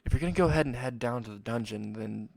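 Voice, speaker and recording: A man's voice: medium pitch, quick pace, gravelly, darkish tone, dry recording. A man reading a worried kind guild clerk woman. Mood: concerned.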